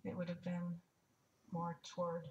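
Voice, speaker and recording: A woman's voice: fairly low pitch, monotone, a little slow, mellow, lo-fi sound, a little hiss or hum. An older woman telling a personal story in a frank, wry way, stopping to restart and add asides. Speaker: testimony speaker. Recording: echoey room, mic at a distance, faint ambience.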